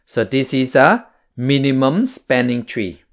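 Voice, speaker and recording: Man, maths teacher, slow stepwise explaining, mid-pitched voice. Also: animated. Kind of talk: maths lesson.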